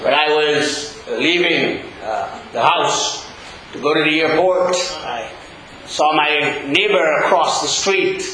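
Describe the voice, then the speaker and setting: An older man delivers a funeral sermon in a high, drawn-out voice. He climbs to passionate shouts, then falls back to a hush. The sound rings through a big echoing hall, with a crowd murmuring behind him. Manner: impassioned, swings from shouting to hushed. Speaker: preacher at a funeral.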